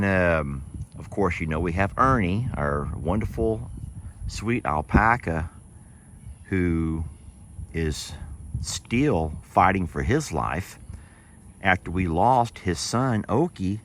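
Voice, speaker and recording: A man's voice: low voice, fairly bright tone, slight background noise. A man talking through a rambling, reflective farm vlog outdoors, speaking straight to his viewers. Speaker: farm sanctuary video creator. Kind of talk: casual vlog monologue to viewers.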